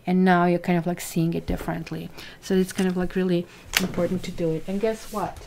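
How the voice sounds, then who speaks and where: A woman's voice: on the low side, little pitch movement, brisk, vocal fry, noisy background. A woman giving a casual tarot reading, talking straight to her viewers in a chatty way. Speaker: tarot reader.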